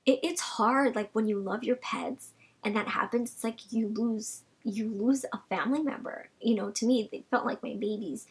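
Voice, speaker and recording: Breathy, high-voiced young woman vlogger. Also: normal speed. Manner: chatty, rambling, many "like" fillers. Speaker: vlogger answering viewer questions. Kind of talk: casual Q&A vlog chat.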